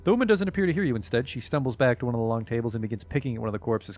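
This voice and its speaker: A man's voice: mid-range voice, big pitch swings, rapid-fire, hardly any pauses, a little mellow. A man streaming a video game, reading the on-screen text aloud with casual, swearing commentary.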